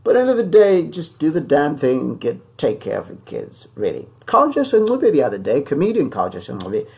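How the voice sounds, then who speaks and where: Male podcast host, gravelly voice, casual and rambling. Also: on the high side, huge pitch swings, a little mellow. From Zimbabwe. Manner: loose and rambling, with many pauses and restarts.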